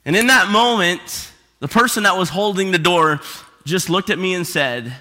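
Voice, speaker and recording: A pastor preaches to his congregation in a church sanctuary, his sermon conversational and full of rhetorical questions. His high voice is bright and forceful at a moderate pace, echoing through a reverberant church hall.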